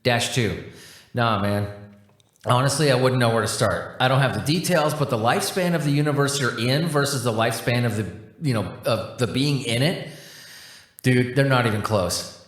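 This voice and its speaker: A man's voice: medium pitch, normal speed, fairly bright tone, natural voice. A man voicing a laid-back, chatty, non-human tech support agent who talks in casual slang. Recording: roomy echo.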